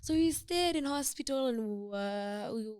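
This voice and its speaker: Young Kenyan woman, interview guest; slightly high voice, dry close sound, emotional and halting with many restarts. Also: animated, darkish tone, clean tone, no room sound. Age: young adult. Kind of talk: personal storytelling in an interview.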